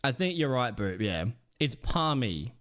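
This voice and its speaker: A man's voice: mid-range voice, big pitch swings, a little slow, fairly bright tone. A man with a South Australian accent chatting casually with his stream chat, playful and smug, swearing offhand.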